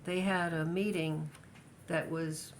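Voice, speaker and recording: A woman's voice: low-pitched, steady tone, slow, slight background noise. An older woman telling her life story in a casual family interview, hesitant, with many restarts and fillers.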